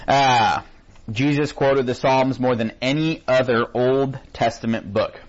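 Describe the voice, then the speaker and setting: A man teaching an informal Bible study. He reads scripture aloud slowly and deliberately, then talks loosely with his class in a church classroom. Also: medium pitch. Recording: dull lo-fi recording.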